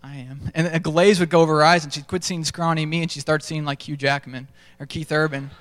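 Young man, casual storytelling preacher, fairly high clear voice, long church-hall reverb. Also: little pitch movement, quick pace. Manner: self-deprecating storytelling, conversational. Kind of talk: sermon. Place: large church stage.

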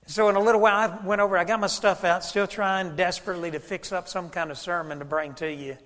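A man's voice: high voice, fairly even intonation, fast, a bit bright. A man pastor, preaching a sermon and acting out both sides of a conversation as he tells a story. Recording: church hall reverb.

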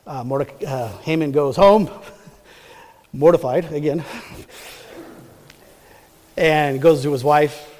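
A man's voice: on the high side, slow, long pauses, darkish tone, big-room sound. A man preaching a sermon, retelling a Bible story in a casual, rambling way that often corrects itself. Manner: chatty, rambling, self-correcting.

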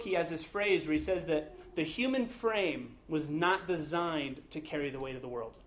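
Man, pastor, high-pitched, earnest conversational sermon. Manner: earnest, conversational preaching with fillers. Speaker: pastor leading a Bible study.

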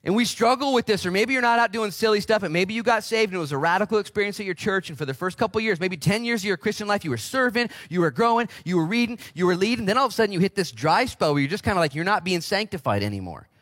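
A man in his forties preaching a casual, energetic sermon as pastor in a church, with big swings in pitch. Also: fast, few pauses, dry recording, clean studio sound. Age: 40s.

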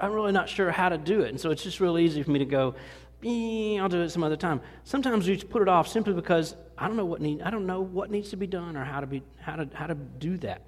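A middle-aged pastor preaches a conversational sermon in a church sanctuary, folksy and self-deprecating, often restarting his sentences. His voice is on the high side and slightly rough, and the recording carries a long hall reverb.

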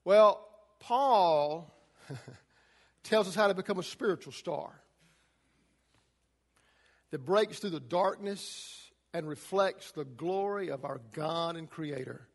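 Man, pastor, high voice, emphatic sermon delivery, long reverb of a large room. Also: lively intonation, slow pace, pauses often. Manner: emphatic, rising and falling preaching delivery.

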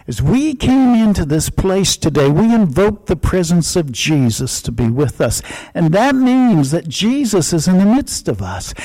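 High-voiced, slow-preaching male pastor. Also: warm tone, poor audio. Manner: emphatic, repeats short declarative lines. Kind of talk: sermon.

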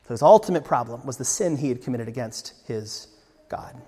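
A man's voice: mid-range voice, lively intonation, fairly quick, dark tone, husky. A man preaching a sermon as pastor. He speaks earnestly, asks the congregation rhetorical questions and rises to emphatic bursts. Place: church sanctuary. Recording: long church-hall reverb.

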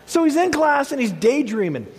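A high-voiced man in his thirties delivers a sermon, weaving in animated stories and acting out each character's lines. His voice carries a long reverb from a large room. He moves between playful storytelling and earnest exhortation. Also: normal speed. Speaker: pastor.

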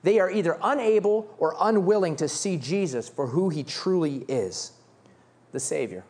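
Preaching as a pastor, this man reads scripture and acts out the beggar's cries in an animated way. His voice sits on the high side, and he keeps a moderate pace.

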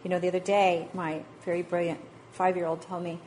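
A woman's voice: fairly low pitch, level tone, brisk, darkish tone, slight background noise. Chatty mother of five giving a church talk. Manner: chatty, self-deprecating, laughs often. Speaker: speaker at a parenting session.

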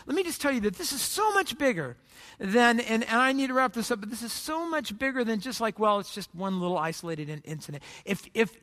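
A man's voice: high-pitched, a bit bright, long reverb tail. A man preaching a sermon as pastor, earnest and conversational, acting out little scenes from church life.

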